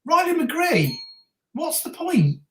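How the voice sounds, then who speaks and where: A woman with a very lively, up-and-down voice, heard in a roomy, echoey space. She chats and laughs through a football reaction stream, shouting at the big moments. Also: high-pitched, slow. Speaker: stream co-host. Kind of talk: casual football watch-along chat. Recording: roomy echo.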